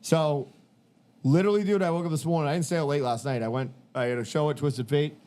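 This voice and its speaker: A podcast host from Massachusetts, his voice a little high and mellow, talks fast while telling rambling, profane stories on a casual show, acting out what people said.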